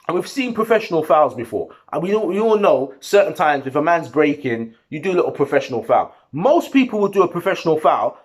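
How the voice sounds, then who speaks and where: Talking to the camera after a match, a football fan vlogger gives a heated, slangy reaction. His voice is a little high and husky, and his delivery is animated and repetitive.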